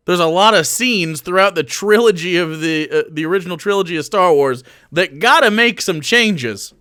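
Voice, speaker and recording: A man's voice: on the high side, expressive, a little fast, few pauses, fairly bright tone, smooth, no room sound, clean studio sound. A man streaming and reacting to a video, rambling and profane, with frequent restarts. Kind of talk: casual reaction commentary.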